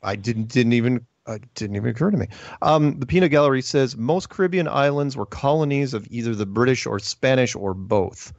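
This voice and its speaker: A man's voice: medium pitch, lively intonation, fairly quick, gravelly, no echo. A middle-aged man hosting a casual chat, rambling with lots of restarts. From United States. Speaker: podcast host. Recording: dull lo-fi sound.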